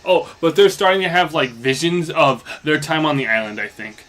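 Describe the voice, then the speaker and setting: Soft music plays behind a young man whose voice is a little high and fairly bright, moving at a moderate pace. As a let's play commentator, he recaps a story mid-game, meandering loosely and leaning heavily on fillers such as "basically" and "like."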